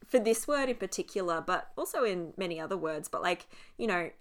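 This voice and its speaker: A woman's voice: fairly low pitch, expressive, a little fast. An Australian woman co-hosting a podcast, chatting casually and animatedly, swearing freely and laughing often. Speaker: podcast co-host.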